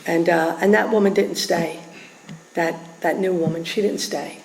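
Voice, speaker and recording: A woman with a Philadelphia accent giving a personal testimony to a meeting, animated and acting out voices, laughing often. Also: on the low side, normal speed, creaky. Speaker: recovery meeting speaker. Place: meeting hall. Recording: roomy hall echo, faint background hum.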